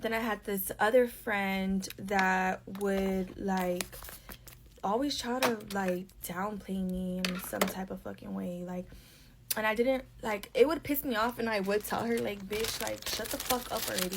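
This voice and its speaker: A woman's voice: medium pitch, fairly bright tone. A young woman telling a casual storytime to a phone camera, blunt and profane with constant "like" fillers.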